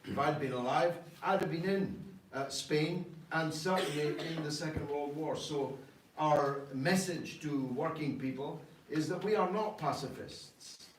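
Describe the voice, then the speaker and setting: Male political speaker, slightly raised voice, emphatic rhetoric, recorded from afar with faint noise behind. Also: on the high side. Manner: emphatic, rhetorical, frequent "uh" pauses. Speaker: party leader answering questions. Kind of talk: political talk to an audience. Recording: echoey room, distant mic, faint noise.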